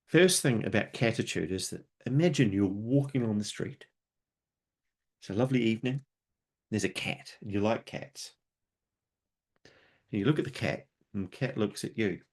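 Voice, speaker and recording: A man with a somewhat low voice presents an unscripted webinar. He talks conversationally and explains his points through homely analogies and little stories. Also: animated, moderate pace, long pauses, a little mellow.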